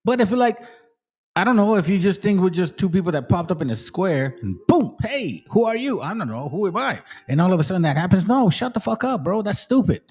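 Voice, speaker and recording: A man in his late forties giving a profane, animated commentary as a channel host, often quoting and mocking others. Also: high-pitched, fast, husky. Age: 40s. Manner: animated, swears a lot, mocks and quotes others. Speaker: channel host reacting to videos.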